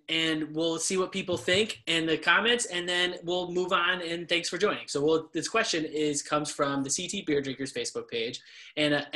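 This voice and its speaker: A man co-hosts a live podcast, ribbing his partner and tossing out questions in loose, joking chat. His voice is very bright and sharp-edged. It sits a bit higher than most men's. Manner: joking and teasing. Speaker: podcast co-host.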